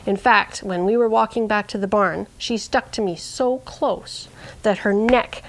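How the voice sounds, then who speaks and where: A woman's voice: medium pitch, a little slow, rough recording. Earnest woman telling a farm story. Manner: earnest, drops to a hush at tense moments. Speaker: storyteller and shepherd. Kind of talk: personal story narration.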